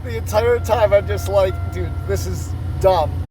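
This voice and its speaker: A man's voice: high voice, unhurried. A young adult man casually telling a rambling, profane story full of fillers, recorded in a car. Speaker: vlogger. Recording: noisy car background. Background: car and road noise.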